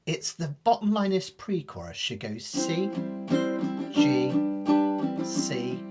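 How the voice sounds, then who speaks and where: A man teaching a live ukulele lesson, explaining fast in a chatty, self-deprecating way. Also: fairly high pitch, big pitch swings, loud music behind the voice. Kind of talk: live online music lesson. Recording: ukulele playing behind the voice.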